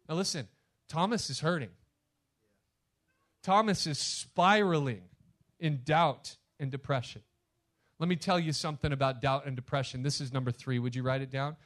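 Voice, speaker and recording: A male pastor preaching a sermon, talking to the congregation directly and emphatically, swinging between loud punches and hushed asides. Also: fairly high pitch, normal speed.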